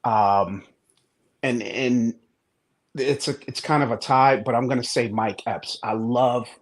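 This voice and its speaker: Brief: podcast co-host, man, mid-pitched, profane and playful. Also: steady tone, takes it slowly. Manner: profane, joking. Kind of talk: casual chat.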